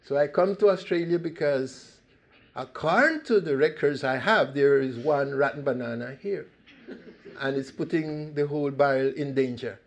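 A man's voice: a little high, moderate pace. An older man from Costa Rica giving an earnest public talk, with sudden emphatic rises in his voice.

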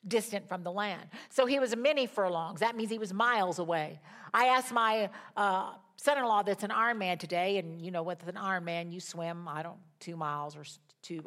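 A woman preaching a sermon, retelling a scripture story with animated emphasis and pauses. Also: mid-range voice.

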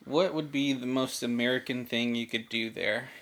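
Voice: mid-range voice, steady tone, moderate pace, fairly bright tone. A podcast co-host in casual chat who asks questions and teases the others. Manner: teasing, inquisitive.

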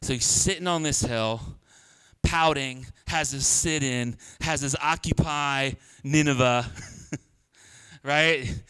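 Bright-voiced pastor. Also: male voice, medium pitch, slow pace, smooth. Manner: humorous, conversational, laughs often. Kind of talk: sermon. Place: church.

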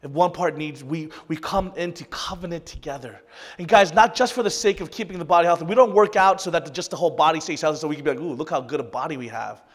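This pastor's voice sits on the high side and moves at a quick pace, with a big-room sound. He preaches earnestly and emotionally to his congregation, rising to loud peaks and dropping to quiet passages.

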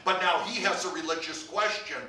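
Bright, high-ish male pastor, rhetorical-question sermon style, heard from far back in a very echoey church. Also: fairly quick. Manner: asks the congregation repeated rhetorical questions. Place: church sanctuary.

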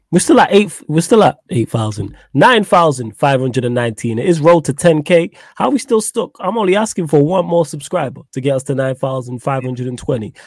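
A man hosting a live football chat stream, joking and animated, slangy. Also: on the high side, dry recording. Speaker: podcast host.

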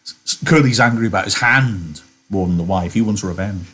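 A man's voice: lowish voice, a little fast, fairly bright tone, slightly rough. A male teacher giving an online literature lesson, reading aloud and musing conversationally with rhetorical questions.

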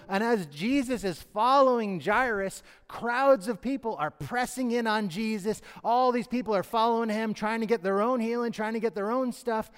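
A man's voice: high voice, moderate pace, hardly any pauses, a bit bright, clean tone. A man preaching a sermon who acts out the pleading voices of the characters in his story. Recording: long hall reverb.

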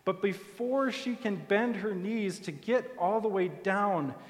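A man preaching a sermon in a church, telling the story softly and deliberately. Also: high voice. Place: church sanctuary. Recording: long hall reverb.

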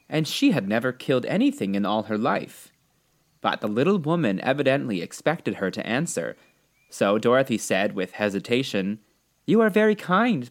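Male narrator for a children's read-aloud, lively pitch, mid-range voice, expressive storytelling. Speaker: storybook reader.

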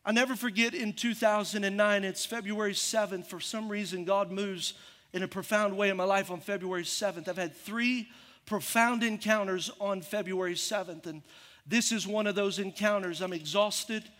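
A middle-aged male pastor with a high voice delivers a sermon as lively storytelling, acting out each part as he goes. His voice rings with the long reverb of a large hall. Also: moderate pace.

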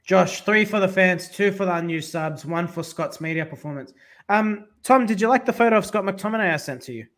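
A man hosting a casual football fan podcast, jokey and animated, reading out listeners' picks by name. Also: high voice, a little fast. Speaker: podcast host.

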